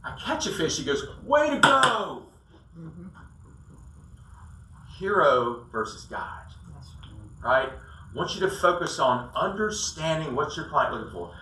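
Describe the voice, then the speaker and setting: A man's voice: fairly high pitch, lively intonation, measured pace, long pauses, pushed and bright, slight background noise. A man giving a casual sales talk to an audience, telling stories and acting out quotes in a folksy way. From South Carolina. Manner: storytelling, acts out quotes, folksy asides. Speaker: sales coach speaker. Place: roomy event hall. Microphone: distant room mic. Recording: echoey room, voice from far off.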